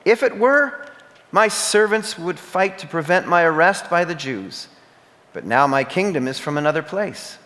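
A man reading the part of a calm male teacher on trial, measured and sure, in a reverberant church hall. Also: a little high, voice pushed up. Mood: steady.

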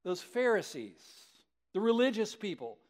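A man preaching a sermon in a conversational storyteller's voice, pitched fairly high for a man. He keeps it animated and often turns to the listeners with questions. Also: normal speed. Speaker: pastor.

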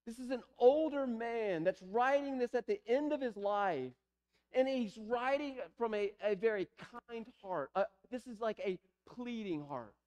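A male pastor preaching a sermon to his congregation, moving between soft pleading passages and emphatic repeated phrases. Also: very high voice. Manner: pleading, building to emphatic repetition. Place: church sanctuary.

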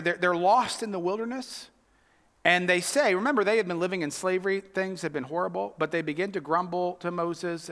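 A man pastor preaching a sermon, earnest, moving between loud emphasis and hushed whispers. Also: a little high, big-room sound.

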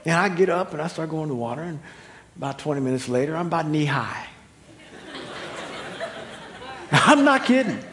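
A middle-aged man preaching a sermon, animated and humorous, swinging from loud high exclamations to quiet, low emphasis. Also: normal speed, pauses often, slight background noise. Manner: humorous, laughing at own stories. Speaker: pastor.

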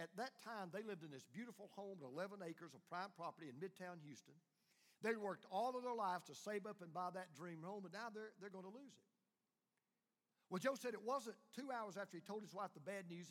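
A man preaches through a story, voicing each person in it with lively, rising emphasis. His voice sits high for a man. The sound rings with the long reverb of a large hall. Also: a little fast. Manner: animated storyteller acting out quoted dialogue. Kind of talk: storytelling sermon.

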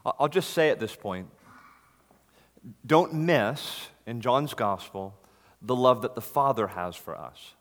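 A man's voice: medium pitch, expressive, slow pace, a bit bright. A man preaching a sermon in an earnest, emphatic way, stressing key words. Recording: long reverb of a large hall.

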